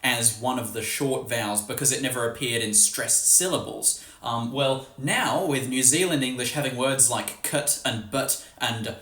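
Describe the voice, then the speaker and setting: A man's voice: medium pitch, normal speed, a bit bright, echoey room. A man with an Australian accent giving a casual, chatty lesson on accents, swearing offhandedly and demonstrating vowel sounds. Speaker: language teacher.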